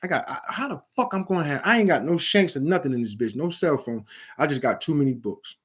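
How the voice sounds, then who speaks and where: A man's voice: on the high side, expressive, fast talker, breathy edge. Blunt, cursing man giving street advice. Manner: profane, emphatic, preachy street talk. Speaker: vlogger giving advice to at-risk youth. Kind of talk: blunt motivational talk to camera.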